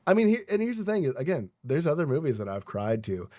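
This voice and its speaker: A man's voice: a little high, sing-song, fast talker, darkish tone. A young man co-hosts a podcast in loose, casual chat. He rambles through his story with plenty of fillers and frequent swearing. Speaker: podcast co-host.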